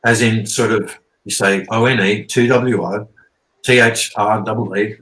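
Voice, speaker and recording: A man's voice: fairly low pitch, fairly even intonation, measured pace, fairly bright tone. A man, rambling and swearing as he explains things casually, often checking in with "okay?". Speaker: guest teacher. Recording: roomy echo.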